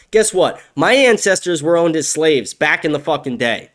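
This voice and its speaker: A man's voice: lively intonation, normal speed, hardly any pauses. Angry, profane male podcast host. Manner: angry, profane, swings between shouting and low muttering. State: agitated. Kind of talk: solo opinion rant.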